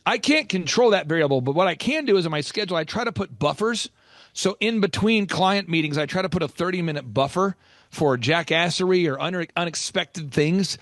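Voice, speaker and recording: A man's voice: high voice, lively intonation, a little fast, a bit bright, dry recording, studio quality. A middle-aged man hosting a business podcast, coaching in an emphatic storytelling way and repeating his key phrases, recorded in his office. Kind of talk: energetic coaching monologue. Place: office with installations going on.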